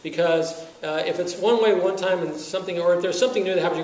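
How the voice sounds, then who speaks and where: His voice sitting high, this wind band conductor is a fast talker who hardly pauses while lecturing music teachers at a teaching workshop. He chuckles a lot and leans on rhetorical questions, staying animated throughout. Echoey, distant audio carries a faint hiss.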